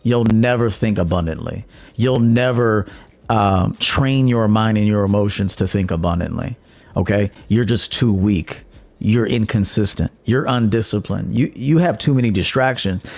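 On his dating-coach podcast, a man speaks at normal speed in a creaky, darkish voice, delivering a blunt monologue full of profanity. He ridicules people, puts on a high mocking voice to imitate commenters, and laughs at his own digs.

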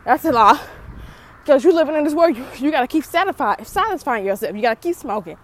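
A woman's voice: high-pitched, lively intonation, quick pace, rough recording. A woman preaching and praying fervently in a casual, slangy way, out of breath from a workout. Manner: fervent, repetitive rebuking prayer, casual slang. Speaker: vlogger preaching to viewers. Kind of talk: informal preaching and prayer.

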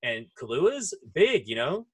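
A man's voice: a little high, very animated, unhurried, husky. A man in casual chat, telling profane stories and acting out voices, speaking through headphones. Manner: profane storyteller who acts out voices.

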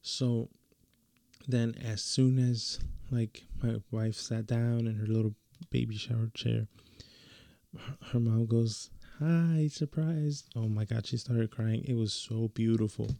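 A man's voice: mid-range voice, flat delivery, unhurried, creaky, warm tone, no room sound. A young man telling a story in a casual, slangy way, full of fillers and restarts.

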